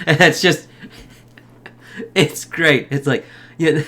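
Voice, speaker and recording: A man's voice: medium pitch, expressive, a little slow, a bit bright. A man giving a casual spoken movie review, rambling loosely, swearing a lot and laughing often.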